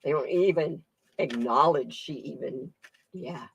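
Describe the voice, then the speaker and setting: Slow, chatty woman tarot reader. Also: low-pitched, creaky, breathy edge. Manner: chatty, laughs often, reads viewer comments aloud. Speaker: tarot reader and channel host. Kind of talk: casual live-stream reading, chatting with viewers.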